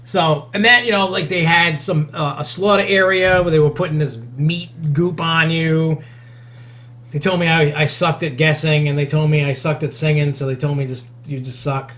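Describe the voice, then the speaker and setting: A man's voice: a little high, fairly even intonation, moderate pace, fairly bright tone. A man hosting a casual podcast, talking in a loose, rambling way with lots of fillers. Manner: rambling, with many fillers and restarts. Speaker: podcast host.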